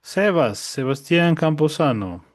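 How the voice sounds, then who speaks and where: A man teaches a language class online, patiently repeating each point and regularly checking that his students understand. His voice is on the high side and animated, a little slow, recorded in clean studio sound with no echo.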